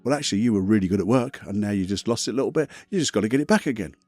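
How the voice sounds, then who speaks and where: Blunt, chatty man with a lively voice. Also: on the low side, racing, faint music behind. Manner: blunt, chatty, mild swearing. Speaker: podcast host, self-help coach. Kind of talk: casual motivational monologue.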